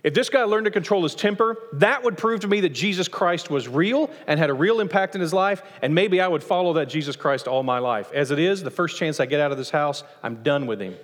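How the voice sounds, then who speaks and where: A man preaching a sermon as pastor of a church, lively, acting out voices from the passage as he teaches. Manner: animated, acts out quoted voices with rising pitch. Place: church sanctuary. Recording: long church reverb.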